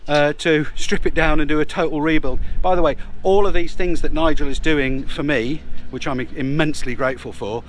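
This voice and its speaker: A man's voice: fairly high pitch, fairly even intonation, moderate pace, few pauses. A man chatting casually in a rambling way about restoring his yacht, with plenty of fillers. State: out of breath. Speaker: boat owner restoring a yacht. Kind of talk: casual vlog chat. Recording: noisy outdoor boatyard recording.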